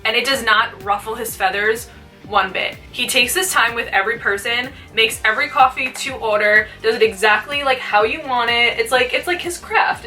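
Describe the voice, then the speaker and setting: A woman's voice: fairly high pitch, bright, forceful tone, distant mic. A young woman chatting casually while doing a makeup tutorial, peppering her talk with "like". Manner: chatty, fills speech with "like". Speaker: beauty vlogger.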